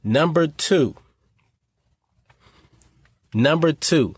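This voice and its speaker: A man hosts a motivational podcast, speaking earnestly to his listeners. His voice sits at an ordinary middle pitch. The sound is dry and close, with no room echo. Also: expressive, measured pace. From North Carolina. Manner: earnest, preachy, addresses listeners as y'all. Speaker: podcast host.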